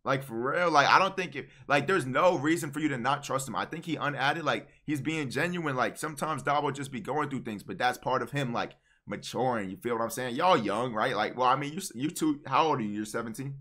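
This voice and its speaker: A young man hosting a casual livestream chat, animated and teasing, cutting in with quick repeated words. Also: mid-range voice. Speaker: streamer host.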